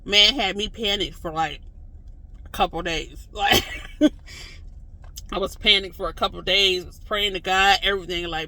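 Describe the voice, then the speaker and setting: Animated vlogger with a bright voice. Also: medium pitch, normal speed, pauses often. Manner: animated, acts out reactions in quotes; rambling with frequent "like" and "you know". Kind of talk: casual storytelling to camera.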